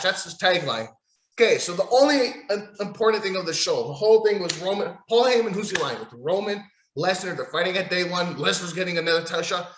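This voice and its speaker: A man's voice: sits high, lively intonation, a little fast, a bit bright, roomy sound. A man hosting a solo wrestling podcast, ranting in a profane, sarcastic, rambling way while losing his voice. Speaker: podcast host.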